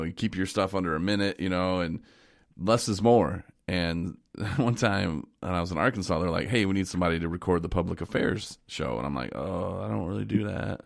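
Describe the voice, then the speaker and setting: A man hosting a casual podcast chat, telling joking stories in an animated way. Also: deep voice, gravelly. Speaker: podcast host.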